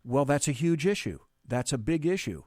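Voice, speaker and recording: A man's voice: mid-range voice, sing-song, moderate pace, a little mellow, no echo, clean studio sound. A man hosting a live political talk show, blunt and rambling, with frequent restarts.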